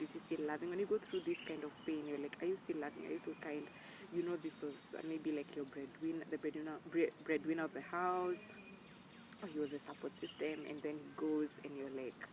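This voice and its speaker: A young woman talking earnestly to camera, emphatic and animated when she quotes people. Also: sits low, noisy background. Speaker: vlogger. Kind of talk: casual personal talk to camera.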